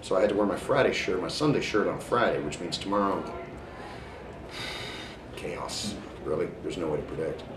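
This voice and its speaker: A man's voice: low-pitched, moderate pace, pauses often. A voice actor guest, a man talking in a playful, zany, joking way in a convention interview. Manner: zany, leaps between voices. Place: convention hall. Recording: echoey convention hall, distant mic, loud ambient noise.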